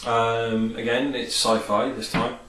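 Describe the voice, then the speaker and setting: Enthusiastic rambling male vlogger, mid pitch; off-mic in an echoey room with faint hiss. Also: level tone, takes it slowly, fairly bright tone, far from the mic. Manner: rambling, enthusiastic, many fillers. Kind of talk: casual film and game review.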